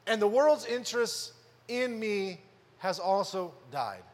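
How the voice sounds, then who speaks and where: A man preaching a sermon in a conversational way, asking rhetorical questions and rising to loud emphasis. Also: high voice, lively intonation, takes it slowly. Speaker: pastor. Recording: long hall reverb.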